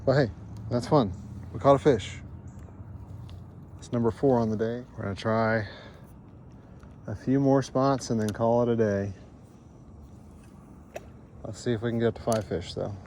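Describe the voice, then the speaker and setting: A man's voice: medium pitch, unhurried, pauses often. A man vlogging his fishing trip on a lake, giving casual, chatty commentary in an easygoing, self-deprecating way. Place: outdoors on a lake, fishing from a paddled boat. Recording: outdoor recording with steady background noise.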